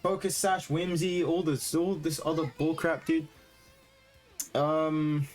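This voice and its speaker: A young man giving live commentary on his own competitive gameplay, excitable and quick to break into loud, frustrated rants. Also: on the high side, soft background music. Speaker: gaming streamer.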